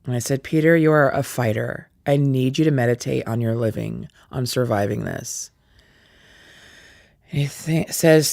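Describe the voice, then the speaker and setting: A woman in her forties intensely retelling a family story, with halting restarts and acted-out quoted dialogue. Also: a bass voice, vocal fry, a little mellow, no room sound, clean studio sound. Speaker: interviewee. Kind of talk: personal storytelling.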